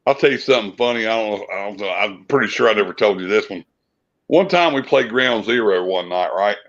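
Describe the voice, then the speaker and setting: A man's voice: fairly low pitch, lively intonation, a little fast, dull audio. A man telling rambling, profane stories in a casual chat. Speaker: podcast co-host, musician.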